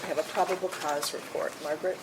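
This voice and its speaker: A woman chairing a public board meeting, briskly calling motions and votes with a light joking touch. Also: sits low, fairly even intonation, background noise.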